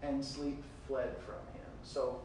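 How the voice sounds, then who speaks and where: A man preaching a sermon, reading scripture verses aloud and retelling them with big swings between loud and quiet. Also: mid-range voice, flat delivery, slow pace, very echoey, recorded from a distance, a little hiss or hum, low-quality recording.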